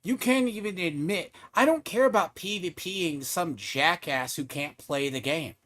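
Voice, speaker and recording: Male game streamer, mocking trash-talker, swears freely, voice a touch high, desk mic at home. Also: unhurried, fairly bright tone. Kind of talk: casual live-stream trash talk.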